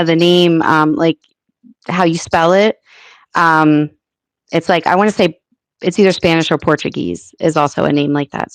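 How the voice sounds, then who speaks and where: Slow-talking American woman hosting a live chat. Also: deep voice, dry recording. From United States. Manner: chatty, thinking aloud with many fillers. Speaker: livestream host.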